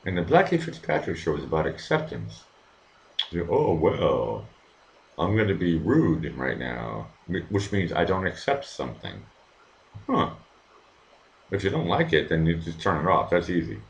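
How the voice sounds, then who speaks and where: A man with a deep voice and huge pitch swings, speaking at a moderate pace, hosts his own live stream from an echoey room. Reading the chat, he rants heatedly and profanely, speaking straight to his viewers.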